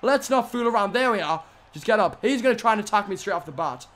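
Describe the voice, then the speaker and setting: A young male gaming commentator doing live let's-play commentary talks fast in a very high voice, excitably swinging from muttering to screaming at the game. His voice is going hoarse from all the shouting.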